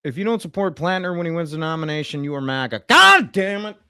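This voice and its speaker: A man livestreaming a satirical comedy rant in a mock-pundit persona, rambling with sarcasm and swinging between loud outbursts and muttered asides. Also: fairly high pitch, quick pace, clear, resonant tone, no echo, studio quality. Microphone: streaming mic.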